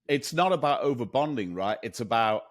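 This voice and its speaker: A man co-hosting a sales podcast in casual chat, rambling and animated, with many restarts. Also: medium pitch, fairly quick. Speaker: podcast co-host.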